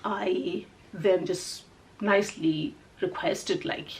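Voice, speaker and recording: South african woman, sepedi speaker, chatty storytime, mid pitch, goes loud then drops to a whisper, bit of faint noise. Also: moderate pace. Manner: animated, swinging from loud exclamations to hushed asides; switches into Sepedi mid-sentence. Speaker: vlogger telling a personal story. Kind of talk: casual storytime chat.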